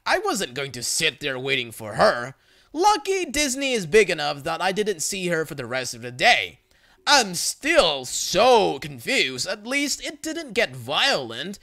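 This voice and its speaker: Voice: mid-range voice, bright, forceful tone. A narrator reading online forum stories aloud in a plain storytelling manner.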